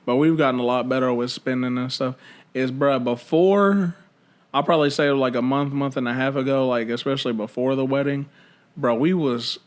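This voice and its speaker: A young man chats on a podcast in a loose, slangy way. He rambles through stories and piles up fillers as he goes. His voice sits at an ordinary middle pitch. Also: fairly even intonation, normal speed. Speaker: podcast co-host. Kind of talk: casual chat.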